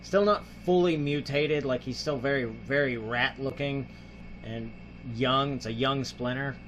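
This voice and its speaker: A man's voice: medium pitch, a little slow, fairly bright tone, slight background noise. A male host casually retelling a film's plot in a rambling, filler-heavy way, acting out the characters' lines. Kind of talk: casual film review.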